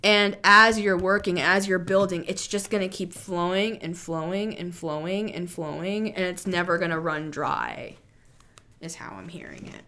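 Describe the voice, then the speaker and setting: A woman's voice: on the low side, normal speed, sharp tone, a little hiss or hum. A woman giving a casual spoken tarot reading in an earnest, reassuring way, musing aloud with many fillers and restarts. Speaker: tarot reader.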